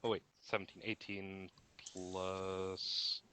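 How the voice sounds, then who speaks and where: Male player, low-ish smooth voice, slow deliberate delivery, bright edge. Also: flat delivery, a little hiss or hum. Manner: deliberate, describing actions and rolls. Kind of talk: tabletop role-play.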